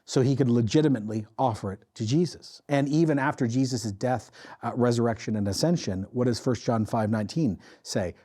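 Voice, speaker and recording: A man who is a pastor, preaching an animated sermon that rises loud and drops to quiet intensity, acting out the voices he quotes. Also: medium pitch, brisk. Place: church.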